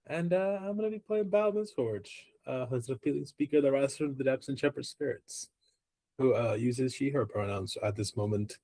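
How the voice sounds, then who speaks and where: A man's voice: medium pitch, moderate pace, mellow. A man player introducing himself hesitantly, with many fillers, on a tabletop game livestream. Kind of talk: casual self-introduction.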